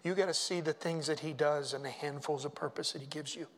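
A middle-aged male pastor preaching a sermon in a church, swinging from hushed asides to loud, chanted hymn lines. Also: a little high, steady tone, brisk.

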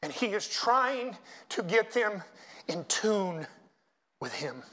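High-voiced preaching man, hushed to loud. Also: very animated, slow pace. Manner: preaching with swings from hushed to loud, chanting hymn lines. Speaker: pastor. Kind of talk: sermon. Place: church.

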